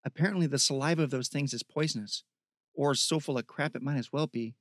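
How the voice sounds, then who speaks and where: A man's voice: mid-range voice, fast, dry recording, studio quality, lightly acted. A man reading an audiobook voices an easygoing young man who talks in casual, slangy banter with his friend. He lifts his voice somewhat for this role.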